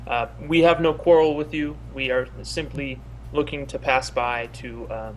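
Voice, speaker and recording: A man's voice: medium pitch, steady tone, a little slow, a little hiss or hum, natural voice, rough recording. A man voicing a grandiose male paladin hero with a formal, lofty way of speaking.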